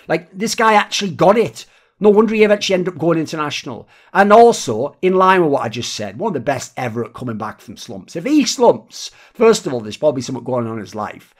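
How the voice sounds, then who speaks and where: Esports guy ranting his opinions, blunt and sweary, kinda high pitched. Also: expressive. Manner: blunt, rapid and profane. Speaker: esports commentator and channel host. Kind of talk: opinionated video monologue.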